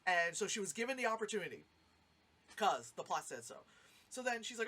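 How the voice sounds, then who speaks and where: A woman's voice: medium pitch, moderate pace. A woman giving a casual, rambling spoken movie review, swearing freely and acting out lines. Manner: rambling, animated, swears freely, acts out quotes.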